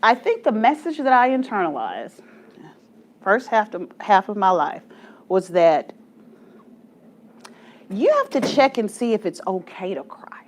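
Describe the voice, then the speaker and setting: A woman's voice: mid-range voice, sing-song, a little slow, long pauses. A woman in her forties leading a church study group, telling stories with self-mocking humor and frequent laughter. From Texas, USA. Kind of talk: storytelling talk to a group.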